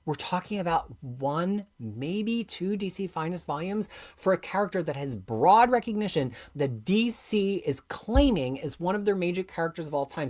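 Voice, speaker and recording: A woman hosting a live comics stream, talking with passion and reading viewer comments aloud, going from quiet asides to loud, emphatic outbursts. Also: mid-range voice, sing-song, normal speed, hardly any pauses. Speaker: comics livestream host.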